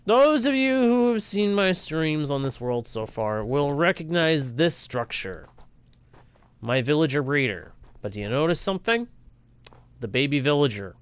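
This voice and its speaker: A man's voice: on the high side, sing-song, a little slow, clear, resonant tone. A young man talking casually over his own gameplay as a streamer, reacting aloud to what happens on screen. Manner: chatty, reacts aloud while playing. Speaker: gaming streamer.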